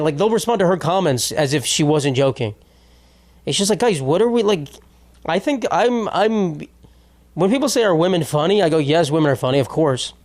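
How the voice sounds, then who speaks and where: A man's voice: on the high side, a little mellow. A young man hosting a solo comedy podcast, rambling and sarcastic, swearing freely as he riffs. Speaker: podcast host.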